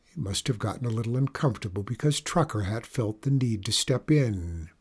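Husky man narrating a story. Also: lowish voice, expressive, a little fast, darkish tone. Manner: wry first-person storytelling. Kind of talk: scripted audiobook narration.

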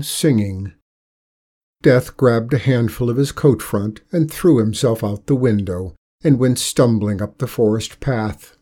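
A man reading a folk tale aloud as narrator, in a slow, measured and gentle manner. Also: medium pitch, husky. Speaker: storyteller. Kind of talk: storybook narration.

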